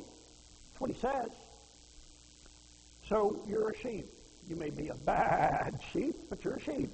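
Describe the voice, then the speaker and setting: Gravelly high-voiced preacher in a hall. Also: male voice, lively intonation, takes it slowly, long pauses, a little mellow. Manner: folksy, rhetorical questions, quotes scripture. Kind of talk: sermon. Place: church hall. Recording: reverberant hall.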